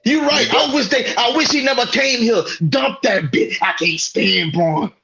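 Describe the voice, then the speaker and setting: A man's voice: very high-pitched, a little slow, vocal fry, sharp tone, dull audio. A man co-hosting a sports talk show, ranting in an exasperated, profane way. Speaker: podcast co-host. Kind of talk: heated sports rant.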